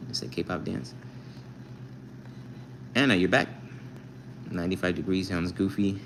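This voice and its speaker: Young man, low voice, playful livestream chat, reading comments, joking, faint hiss behind. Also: normal speed, pauses often, poor audio. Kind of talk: casual live stream chat reading comments.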